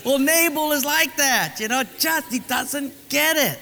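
A man preaching a sermon as a humorous, animated storyteller. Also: very high-pitched, unhurried, vocal fry, big-room sound, slight background noise. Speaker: pastor.

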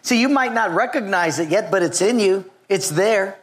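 A preacher giving a sermon who tells stories with lively energy and calls out to the congregation. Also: medium pitch, moderate pace, breathy edge. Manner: storytelling, animated, calls on the congregation.

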